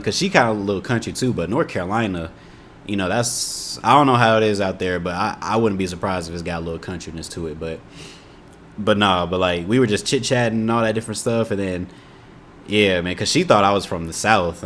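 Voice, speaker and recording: A man's voice: low-pitched, a bit bright, a little hiss or hum. A young man from Indiana with an Indiana accent, chatting casually to camera in a laid-back, rambling way. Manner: laid-back, rambling, often says "you know what I'm saying". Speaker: YouTuber reacting to a video. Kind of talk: casual storytelling and chat.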